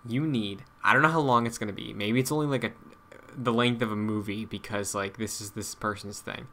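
A man co-hosting a casual gaming podcast, enthusiastic, building up to the ideas he pitches. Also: fairly quick, bright, forceful tone. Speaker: podcast co-host.

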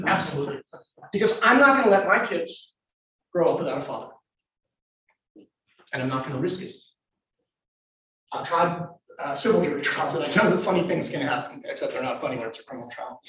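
A man's voice: on the high side, animated, a little fast, long pauses, sharp tone, a little hiss or hum. A man, a lawyer, giving a conversational, wry talk to a live audience and putting questions to them. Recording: echoey room from far off, dull sound.

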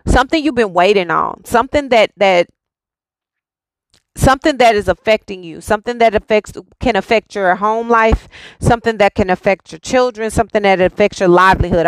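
Gravelly-voiced woman giving a spiritual reading. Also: mid-range voice, dry recording, poor audio. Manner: repetitive, insistent phrasing; reassuring. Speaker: spiritual reader.

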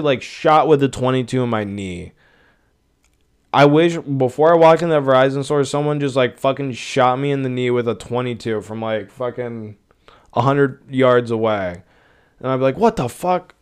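A man's voice: mid-range voice, clear, resonant tone. A young man hosting a podcast, ranting in a rambling, profane, exasperated way. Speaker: podcast host. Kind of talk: casual rant.

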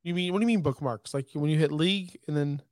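A man's voice: on the high side, quick pace, no echo, clean studio sound. A man in casual chat, joking and swearing, talking animatedly.

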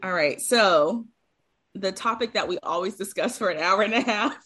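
A woman co-hosting a podcast, chatty and lively in casual conversation. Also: medium pitch, moderate pace. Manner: chatty, lively, laughs while acting out scenes. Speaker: podcast co-host. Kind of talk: casual chat.

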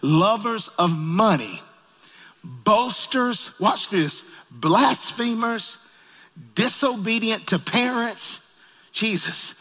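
A man preaching a sermon in a church, calling out to the congregation and rising to shouts. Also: high-pitched, animated, extremely slow, in a large hall. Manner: calls out to congregation, rises to shouting. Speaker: pastor. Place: church sanctuary.

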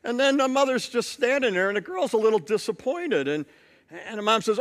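A man's voice: high-pitched, normal speed, fairly bright tone. A male pastor preaching a sermon, telling a story and building points through repetition.

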